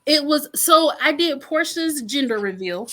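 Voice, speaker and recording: A woman guest chef telling her story in a casual interview, lively and acting out what people said. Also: high-pitched, measured pace. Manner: animated, acts out quoted dialogue.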